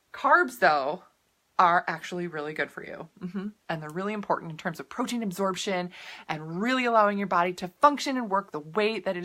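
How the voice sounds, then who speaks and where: Bright, chatty woman coach. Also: medium pitch. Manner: chatty and upbeat, drifting into tangents and laughing. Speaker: nutrition coach. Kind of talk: casual live video talk answering viewer comments.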